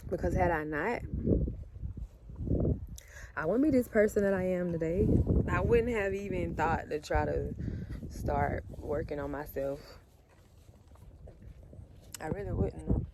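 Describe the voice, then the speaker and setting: A woman with a low speaking voice shares a personal story in an earnest, heartfelt monologue, addressing her viewers directly. A steady hiss of background noise runs under the recording, as if caught on a simple camera mic. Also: unhurried, pauses often. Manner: earnest, talks straight to viewers as "y'all". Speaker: vlogger telling her story.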